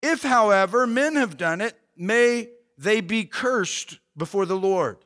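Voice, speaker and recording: A man voicing an indignant young male warrior who calls out loudly and scolds. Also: high-pitched, animated, takes it slowly, big-room sound, exaggerated voice. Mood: pleading.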